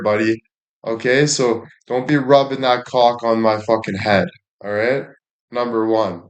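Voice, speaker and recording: A man's voice: medium pitch, fairly even intonation, a little slow. A young man chatting casually and crudely, rambling and laughing often. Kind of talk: casual chat.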